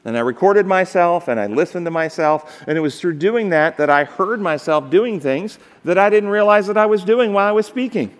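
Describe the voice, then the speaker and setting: A man's voice: sits high, brisk, few pauses. Man lecturing in a reverberant hall. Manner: emphatic, asks the audience rhetorical questions. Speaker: seminar instructor. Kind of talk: live seminar lecture on public speaking. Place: large seminar hall.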